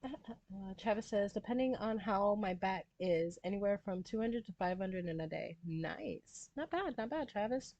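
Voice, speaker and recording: Woman, cross-stitch livestream host, reads and answers chat casually; dry, mid-pitched. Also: lively intonation, normal speed, darkish tone, no echo, dull audio. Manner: reads viewer comments aloud and chats back. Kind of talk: casual live-stream chat.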